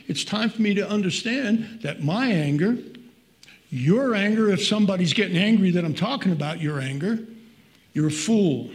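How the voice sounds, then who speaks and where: A middle-aged man preaching a sermon as pastor, earnest and conversational, reading scripture aloud between personal asides. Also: a little high.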